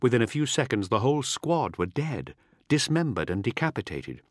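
A man narrating an audiobook with a dramatic, expressive reading. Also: medium pitch, normal speed, husky, no echo, studio quality. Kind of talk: scripted narration.

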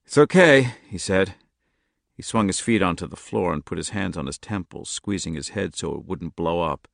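A man narrating a novel in a steady, measured audiobook reading, close to the mic. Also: deep voice, vocal fry, dry recording. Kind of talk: scripted narration.

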